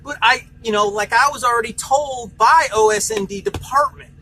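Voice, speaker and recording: A man's voice: extremely high pitch, moderate pace, hardly any pauses, bright, forceful tone, slight background noise, low-quality recording. A man working as a truck driver, venting angrily in a vlog, swearing and retelling heated phone calls.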